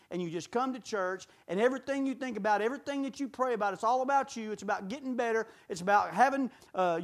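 A man preaching in a church, his voice sitting unusually high for a man. He drops to hushed warnings and then climbs into shouted, rapid-fire questions to the congregation. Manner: fiery, swings from hushed to shouting. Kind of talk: sermon. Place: church sanctuary.

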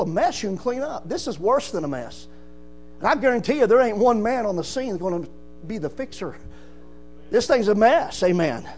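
A man's voice: high-pitched, darkish tone. A man preaching a sermon, emphatic and rising, calling out "amen" often. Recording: mains hum.

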